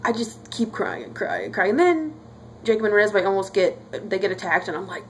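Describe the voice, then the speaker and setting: A woman's voice: medium pitch, expressive, fairly quick, slight background noise. A young woman talking casually to camera in a reaction vlog, chatty and emotional. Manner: chatty and emotional, lots of fillers. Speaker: vlogger.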